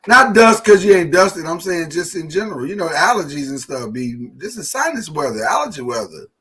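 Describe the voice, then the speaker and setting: In a podcast studio, a male co-host trades jokes in casual chat full of mock church-service banter, delivering it playfully and animatedly like a jokey preacher. His voice is on the high side and fairly quick, with poor audio.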